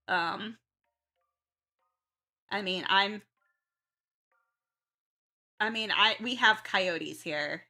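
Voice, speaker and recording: A woman's voice: mid-range voice, very slow, pauses often, sharp tone, faint music behind. A young woman with a Midwest-Southern American accent, chatting casually while she draws on stream, rambling and correcting herself as she goes. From southern United States. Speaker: art streamer. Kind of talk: casual chat while drawing.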